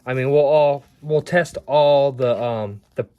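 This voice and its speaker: Man, casual toy review, rambling, halting restarts, mid-pitched voice, indoors at home. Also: clear, resonant tone, no room sound, phone-quality sound. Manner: rambling, stumbling over words.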